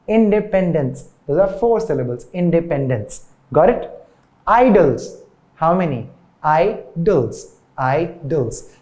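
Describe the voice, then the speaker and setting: A man's voice: a little high, mellow. A young man teaching a dance tutorial, chatty and often checking in with "yeah?" and "got it?". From India.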